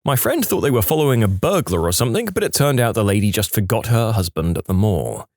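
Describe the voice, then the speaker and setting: Man, low voice, animated delivery, story narration, dry close sound. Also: quick pace, no echo. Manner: lively, expressive storytelling. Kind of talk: scripted narration of online stories.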